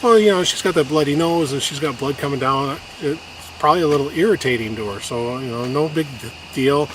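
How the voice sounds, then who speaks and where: A man telling an emotional personal story in a halting way, with many restarts, and getting choked up at times. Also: on the high side. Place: outdoors on a hiking trail. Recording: noisy outdoor recording.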